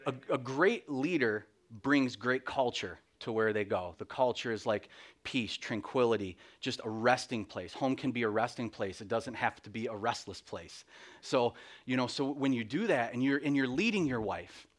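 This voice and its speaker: A man's voice: medium pitch, moderate pace. A middle-aged man giving a candid, self-deprecating personal testimony in church, full of restarts and little laughs. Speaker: lay speaker.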